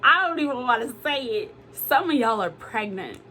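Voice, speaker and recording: A woman doing a casual tarot reading to camera, animated and exclamatory, swearing freely. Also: on the high side, normal speed, a little hiss or hum. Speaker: tarot reader.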